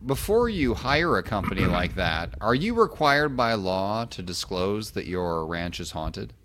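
A man's voice: fairly low pitch, very animated, unhurried, noisy background. A man, a father of four, co-hosting a podcast in a casual chat with dry, wry humor. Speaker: podcast co-host.

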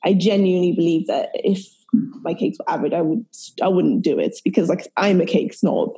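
A woman's voice: on the low side, brisk, warm tone, husky. A British woman, a baker, talking as a podcast guest in a loose, rambling way, full of fillers and restarts. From United Kingdom. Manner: rambling, filler-heavy, self-correcting. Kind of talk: casual podcast interview.

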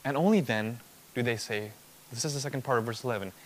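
Lively, emphatic male preacher. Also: medium pitch, moderate pace. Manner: emphatic, repetitive rhetorical build-ups. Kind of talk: expository sermon.

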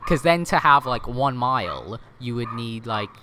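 A man talks through history in a relaxed podcast conversation, peppering his points with fillers and quick self-corrections. He often checks in with "right?" as he goes. Faint background noise sits under the voice. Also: mid-range voice. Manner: chatty, many fillers and self-corrections, tag questions. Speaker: podcast guest explaining history. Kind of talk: casual history podcast chat.

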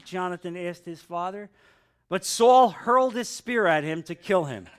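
A man's voice: high-pitched, normal speed, clear, resonant tone. A middle-aged man leading a Bible study, reading scripture aloud and breaking off into casual, humorous comments.

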